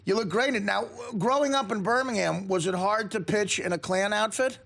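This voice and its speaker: A brash male radio host tosses out crude jokes and jumps into loud acted voices. His voice rides high and carries a rough, gravelly fry. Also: a little fast, slight background noise. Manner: brash, crude joking, acts out loud voices mid-riff. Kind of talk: crude comedic radio banter. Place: radio studio.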